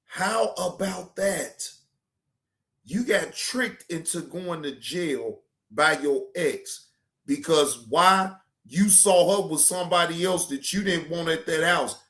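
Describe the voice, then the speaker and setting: A man's voice: on the high side, takes it slowly. A man hosting a reaction stream, commenting bluntly and profanely and scolding the people in the clip. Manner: animated, shouting at times.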